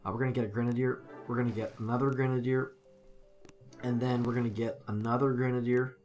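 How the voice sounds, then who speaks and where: A man's voice: medium pitch, flat delivery, quick pace, a little mellow, soft background music. A man commenting casually on a live game stream, rambling and correcting himself as he talks to his chat.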